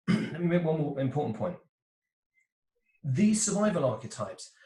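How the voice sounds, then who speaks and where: The guest's voice is fairly high and a little mellow, picked up by a distant mic in an echoey room. On a video call, this male relationship coach gives explanatory interview answers with animated energy, doing small voices for the types he mentions.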